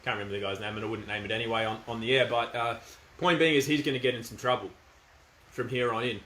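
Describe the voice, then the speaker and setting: A man's voice: mid-range voice, steady tone, quick pace, sharp tone. A middle-aged man with an Australian accent, talking in a casual, firm and emphatic monologue. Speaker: commentator. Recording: echoey room.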